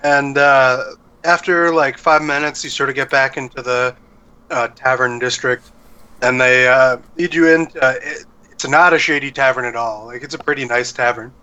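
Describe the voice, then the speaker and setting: A man's voice: medium pitch, steady tone, moderate pace, sharp tone, clear, resonant tone. A young man narrating as dungeon master in a loose, rambling way, full of fillers. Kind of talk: narrating a tabletop game. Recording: dull lo-fi sound.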